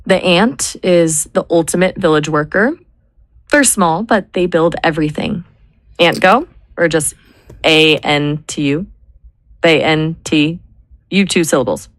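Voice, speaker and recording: A woman talks through ideas in an unhurried, measured way, often spelling words out letter by letter. Her voice sits a little low and she takes her time. The recording is close and dry. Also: no room sound. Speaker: brainstorming assistant. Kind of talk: casual brainstorming chat.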